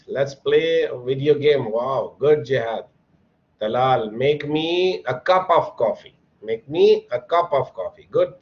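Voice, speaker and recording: Male English teacher, unhurried and encouraging, mid-pitched voice, dull lo-fi sound. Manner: slow, patient, encouraging, calls on students by name. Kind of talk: online classroom lesson.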